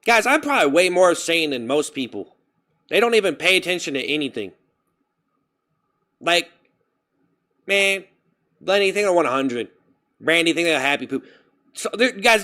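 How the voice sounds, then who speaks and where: A man chatting on his live stream, rambling and animated, breaking off to thank viewers for donations. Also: on the high side. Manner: rambling, animated, jumps to loud self-scolding; reads out and thanks chat donations. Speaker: livestreamer. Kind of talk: casual stream chat.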